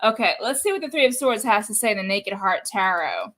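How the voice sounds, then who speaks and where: A woman's voice: medium pitch, fairly quick, rough recording. Blunt foul-mouthed woman with a faint Boston accent. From Boston area. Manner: blunt, swears freely, animated. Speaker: podcast host and tarot reader. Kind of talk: casual chat.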